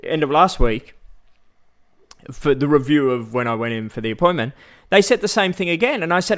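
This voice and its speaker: A man with an Australian accent chatting casually on a livestream, rambling with many fillers and pausing to greet viewers. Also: a little high, expressive, fairly bright tone. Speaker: vlogger.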